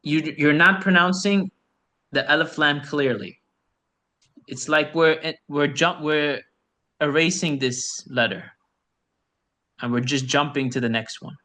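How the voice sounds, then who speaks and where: A man's voice: on the high side, measured pace, pauses often, pushed and bright. A man teaching a beginner Arabic lesson over a video call, patiently repeating each word and explaining the sounds. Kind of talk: online beginner language lesson.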